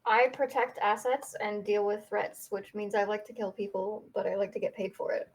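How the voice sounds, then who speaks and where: A woman's voice: medium pitch, flat delivery, normal speed, slight background noise, poor audio. A woman playing in a tabletop game, making jokes in casual, playful banter. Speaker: player.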